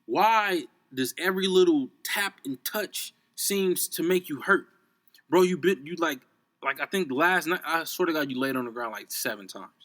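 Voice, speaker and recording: A man's voice: fairly high pitch, lively intonation, moderate pace, fairly bright tone. Profane young man ranting about sports. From Chicago. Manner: profane, heated, repeats himself. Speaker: podcast host. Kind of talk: unscripted sports rant.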